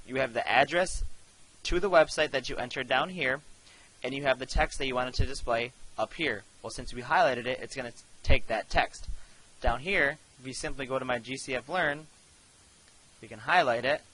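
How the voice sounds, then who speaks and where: A man of middle pitch with a bright, forceful tone, talking students through a screen tutorial step by step. He keeps it casual and direct, like a teacher at the front of the room. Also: poor audio.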